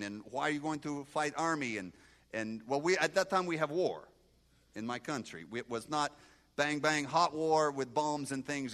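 A man in his sixties from Moldova with a Moldovan accent and broken English, giving an animated testimony sermon and talking back to his audience. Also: fairly high pitch. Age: 60s. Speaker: guest preacher.

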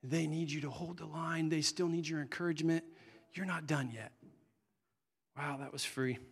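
A middle-aged man preaching with a slightly raised pitch. He talks earnestly and conversationally, circling back and restarting his phrases as he presses his point. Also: fairly even intonation, moderate pace, gravelly, slightly rough. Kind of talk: sermon.

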